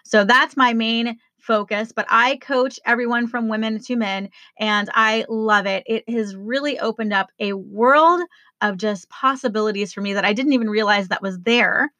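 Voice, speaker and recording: A woman's voice: fairly high pitch, bright, forceful tone, dry recording. A woman hosting her own podcast as a life coach, talking casually and enthusiastically to listeners. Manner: upbeat, enthusiastic, spells things out slowly.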